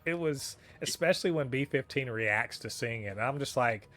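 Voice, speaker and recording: A podcast co-host reviewing a TV episode speaks in a mid-range, slightly bright voice at a moderate pace, hardly pausing, over soft background music. He talks animatedly and profanely on this casual review show, laughing often and exclaiming in disbelief.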